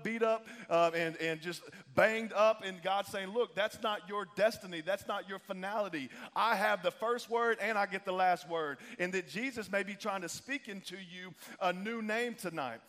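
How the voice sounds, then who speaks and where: A man preaching a lively sermon, casual and joking, calling on the crowd to answer back. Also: sits high. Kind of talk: lively sermon with call-and-response. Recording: long reverb of a large hall.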